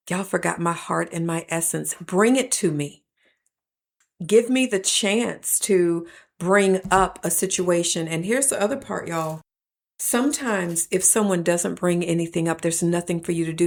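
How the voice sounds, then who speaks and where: A woman, hosting a faith-based teaching talk and addressing listeners as "y'all" in an earnest, preacher-like way. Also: on the low side. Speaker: podcast host.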